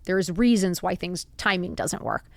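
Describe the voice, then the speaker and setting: A woman with a lowish, gravelly voice hosts a podcast, speaking at normal speed with no echo. She talks earnestly and confidingly about getting back up after setbacks, tossing in rhetorical questions and plenty of "like" and "right?"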